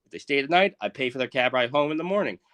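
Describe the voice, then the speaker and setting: A man in his thirties co-hosting a podcast, delivering a crude, profane comedic rant that swings between loud outbursts and muttered asides. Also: medium pitch, lively intonation, fast. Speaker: podcast co-host.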